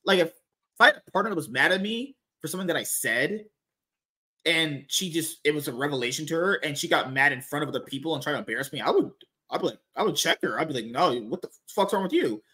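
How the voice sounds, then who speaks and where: Podcast host, man, slightly high voice, blunt and sarcastic, swears freely. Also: lively intonation, quick pace, pushed and bright. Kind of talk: casual podcast chat.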